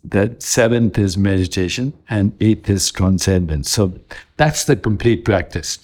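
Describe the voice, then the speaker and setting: A man in his seventies with a very low, deep voice, answering interview questions as a guest. He speaks in a calm, measured way and works through his points one at a time, listing each in turn. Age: 70s. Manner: measured, lists ideas one by one. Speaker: interview guest, wellness author.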